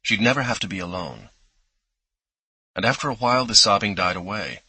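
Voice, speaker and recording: A man's voice: fairly low pitch, animated, a little fast, pushed and bright, slightly rough, dry recording, poor audio. A man narrating an audiobook in an intimate first-person storytelling manner, close on a studio mic. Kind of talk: scripted narration.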